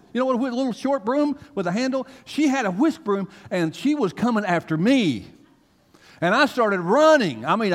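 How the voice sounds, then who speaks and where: Male pastor, animated storyteller, expressive pitch, recorded in a long-reverb sanctuary. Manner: animated storytelling, swinging from hushed to loud. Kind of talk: sermon. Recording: long reverb of a large hall.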